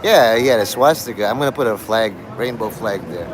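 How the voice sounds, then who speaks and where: A man's voice: fairly low pitch, brisk, noisy background. A man live-streaming outdoors on a city street, chatting in a rambling, meandering way and laughing often between thoughts. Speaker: livestreamer.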